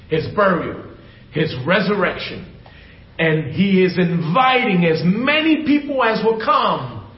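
A man preaching a sermon to viewers, emphatic and repetitive, often dropping low and soft to stress a point. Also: echoey room, lo-fi sound. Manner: emphatic, repeats key phrases, drops low and soft for stress.

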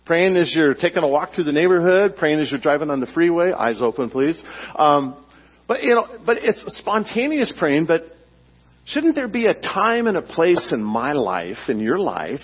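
A man's voice: fairly high pitch, husky, muffled recording. A man preaching a sermon as pastor, emphatic and teacherly, putting questions to his congregation.

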